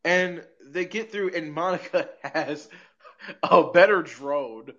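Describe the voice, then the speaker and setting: A man's voice: fairly high pitch, takes it slowly, bright, forceful tone. A man hosting a podcast, recapping an episode in a rambling, casual way, full of "like," restarts and frequent laughter. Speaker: podcast host. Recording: dull lo-fi recording with faint noise.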